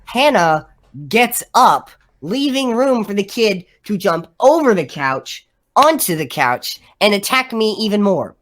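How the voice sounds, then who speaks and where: A woman's voice: medium pitch, big pitch swings, a little slow. A young woman co-hosting a podcast, telling stories in casual chat and rambling with lots of "like.". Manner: rambling storyteller, frequent "like". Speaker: podcast co-host.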